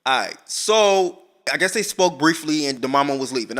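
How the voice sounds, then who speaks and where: A man's voice: on the high side, expressive, normal speed, a bit bright. A young man in casual vlog commentary, telling the story profanely with lots of asides. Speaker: vlogger reviewing a documentary.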